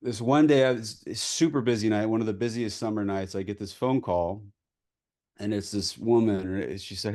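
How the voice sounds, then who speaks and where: Man, 40s, low voice, filmmaker at a Q&A, candid anecdotes, profane and animated. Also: normal speed. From US Pacific Northwest. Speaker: filmmaker guest at a Q&A. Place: post-screening Q&A.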